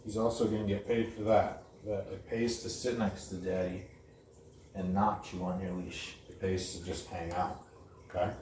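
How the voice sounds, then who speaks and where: A man's voice: low-pitched, little pitch movement, normal speed, a little mellow. A man giving a casual dog training lesson, blunt and repetitive, often checking in with "okay?". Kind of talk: casual instructional talk. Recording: roomy, distant camera audio with faint noise.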